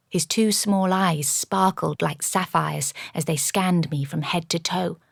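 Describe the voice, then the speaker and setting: A woman narrating a first-person audiobook in a measured, even storytelling manner. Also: on the low side, vocal fry, dry recording. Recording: dry studio audiobook.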